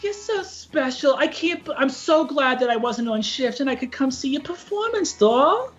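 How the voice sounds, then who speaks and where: Man playing a bubbly young tiefling barmaid, high, gushing. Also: expressive, moderate pace, a bit bright, dull audio. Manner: gushing, breathless praise.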